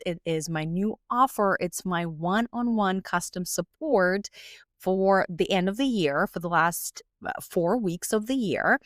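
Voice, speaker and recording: A woman's voice: fairly low pitch, dry recording, studio quality. A pregnant woman in her thirties hosting her own business-coaching podcast, talking chattily and encouragingly with frequent little laughs. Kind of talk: solo podcast monologue.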